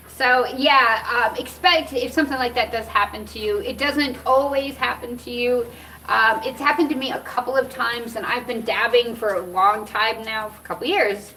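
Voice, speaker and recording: A woman's voice: fairly high pitch, fairly even intonation, moderate pace, bright, forceful tone. A middle-aged woman vlogger chatting casually to camera, rambling and laughing often. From United States. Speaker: cannabis vlogger. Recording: from a little distance, faint background noise.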